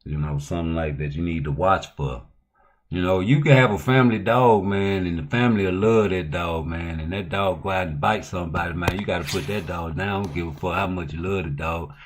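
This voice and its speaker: A man with a low, deep voice hosts a casual livestream. He talks in loose, profane, slang-heavy banter and keeps pushing into heated, loud outbursts. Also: a little fast, hardly any pauses, slight background noise. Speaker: livestream host.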